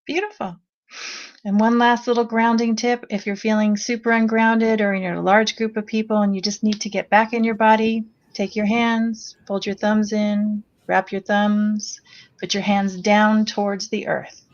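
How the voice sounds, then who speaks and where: Gentle woman guiding a slow meditation. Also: medium pitch, level tone, lo-fi sound. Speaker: sound healer leading a meditation. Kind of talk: guided meditation with chanting.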